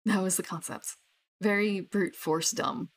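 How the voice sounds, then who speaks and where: A woman's voice: medium pitch, fairly even intonation, unhurried. A young woman chatting casually about her tabletop characters, rambling with many fillers and restarts. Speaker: tabletop gamer. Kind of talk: casual chat.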